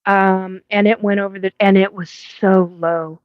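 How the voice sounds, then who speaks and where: A woman's voice: mid-range voice, steady tone, a little slow, dry recording, muffled recording. A woman hosting a live paranormal stream, telling a rambling story with swearing and frequent laughs. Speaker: host of a live paranormal show.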